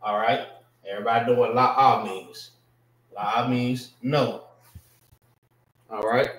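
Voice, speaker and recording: Slow-talking man teaching a class, echoey room. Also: medium pitch, steady tone, a bit bright. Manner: slow, explanatory, repeats "all right" and checks on students. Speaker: class instructor.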